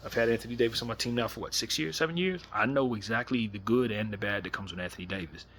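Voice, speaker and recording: Man, husky low voice, animated fan commentary, rhetorical, repeats himself, casual late-night video chat. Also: fast.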